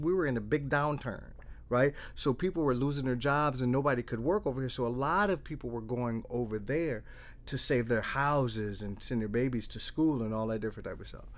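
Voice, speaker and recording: Middle-aged male therapist, lively conversational storyteller who voices the dialogue and keeps restarting. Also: mid-range voice. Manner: animated storyteller, acts out dialogue, repeats and restarts. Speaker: trauma therapist.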